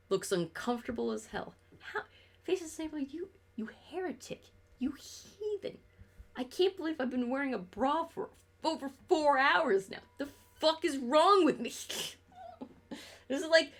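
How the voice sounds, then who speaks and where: A young woman streaming a game, chatting casually in a rambling, sarcastic and profane way, laughing often. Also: high voice. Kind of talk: casual chat while gaming on stream.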